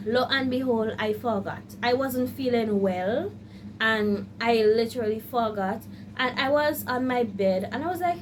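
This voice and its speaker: A woman with a high, bright-pitched voice chats animatedly to her viewers. She tells a story from her studies in a casual vlog manner and slips into acted-out quotes of her own panic. Her talk is direct and personal, with a faint hum of ambience behind her. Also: normal speed. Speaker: law student vlogger.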